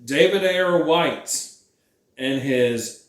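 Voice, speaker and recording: This podcast host, a man with a fairly high voice, is drunk and speaks very slowly. He rambles, laughs, and riffs sarcastically on a movie he just saw, in a recording with roomy echo.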